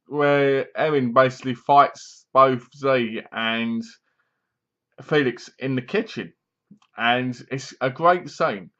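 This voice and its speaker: Here a man's mid-range, fairly bright voice carries a loose, rambling movie review recorded at home, with scenes retold, lines performed and laughter breaking through. A squeaky chair sits under him in the home room, captured on a dull, lo-fi recording.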